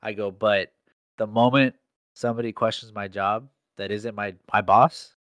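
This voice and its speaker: A man's voice: on the low side, fairly even intonation, moderate pace, a bit bright, no echo, lo-fi sound. A young man in casual chat, telling a work story in slangy speech full of "like". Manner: slangy storytelling, heavy use of "like".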